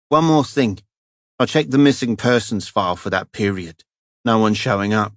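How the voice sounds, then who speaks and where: A man voicing a gruff, cheerful police sergeant leaving a breezy, slangy phone message in an audiobook. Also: lowish voice, fairly bright tone, dry recording, studio quality, natural voice. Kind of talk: audiobook character voice.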